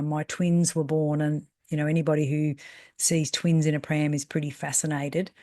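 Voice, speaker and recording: A woman's voice: low-pitched, a little mellow, dry recording, clean studio sound. A woman, a salon mentor telling personal stories in a rambling, chatty way. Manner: chatty, rambling, with fillers and self-corrections; acts out voices in quoted speech. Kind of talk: casual storytelling monologue.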